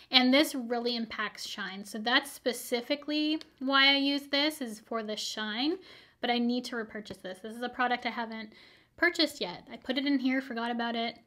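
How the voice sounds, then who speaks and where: Chatty, slightly hoarse beauty vlogger woman. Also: fairly high pitch, fairly bright tone. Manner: chatty, upbeat, rambling asides. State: slightly hoarse, losing her voice. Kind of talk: casual product review.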